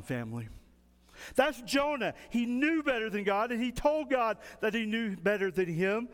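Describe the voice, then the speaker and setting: A male pastor preaching a folksy, animated sermon. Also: high-pitched, big-room sound.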